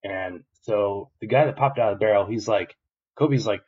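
Rambling low-voiced podcast host. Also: male voice, moderate pace, darkish tone, breathy edge. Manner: rambling, filler-heavy, swears freely. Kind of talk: casual episode recap. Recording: dull lo-fi recording.

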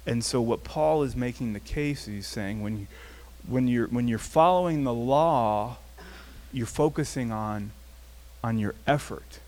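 A man's voice: medium pitch, a little slow. A man preaching a sermon as pastor, in a conversational style and telling a personal story. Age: adult, past his teens. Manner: conversational, animated storytelling with acted quotes.

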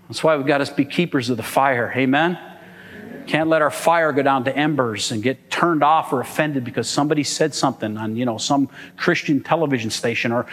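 A man's voice: mid-range voice, a bit bright. A man preaching a sermon to his church, emphatic and asking the congregation "amen?". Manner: emphatic, call-and-response, asks "amen?". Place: church hall. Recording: long hall reverb.

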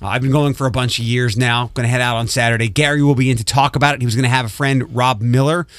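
A man's voice: mid-range voice, steady tone, fast talker, a bit bright, no room sound. A man hosting a casual morning radio show, running through the lineup with frequent restarts and asides. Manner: rambling, self-interrupting, reads show rundown. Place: radio studio. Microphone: studio microphone.

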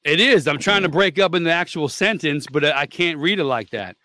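Bright, blunt podcast host reading aloud. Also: male voice, fairly high pitch, brisk, dry recording. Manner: blunt, swears freely, stumbles over the text. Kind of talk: reading a forum post aloud, casual chat.

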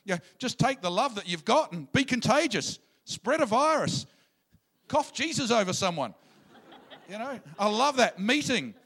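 Guy preaching, high voice, really bright tone, gets loud and animated. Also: normal speed, creaky, breathy edge. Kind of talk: sermon.

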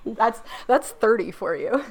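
A woman's voice: fairly high pitch, expressive, a little slow, rough recording. A hungover woman co-hosting a podcast, teasing and sarcastic in her banter. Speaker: podcast co-host. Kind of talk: casual chat.

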